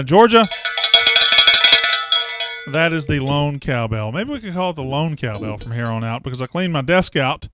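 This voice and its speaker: High-voiced, excitable sports podcast host. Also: male voice, a little hiss or hum. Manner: excitable, brash, loud bursts. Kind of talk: energetic sports podcast talk. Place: studio.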